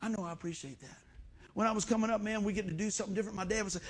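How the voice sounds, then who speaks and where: A middle-aged man preaching a sermon as pastor, in a folksy, animated storytelling way. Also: high-pitched, rapid-fire, husky.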